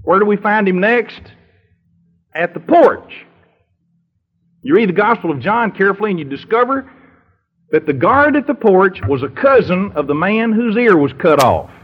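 A man's voice: high voice, expressive, moderate pace, long pauses, husky. A male preacher retelling a story dramatically in a sermon and putting questions to his congregation. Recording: dull lo-fi recording.

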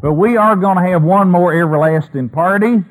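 A man's voice: sits high, moderate pace, close to an everyday voice, rough recording. A man doing a gushing old father. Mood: joyful. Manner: blustery, folksy and affectionate. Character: gruff loving old father, warm and emphatic.

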